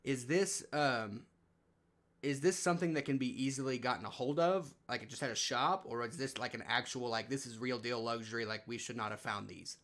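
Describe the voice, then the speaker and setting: A man playing in a tabletop game, chatty and quick to laugh. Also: medium pitch, a bit bright. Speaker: player. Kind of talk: tabletop role-play.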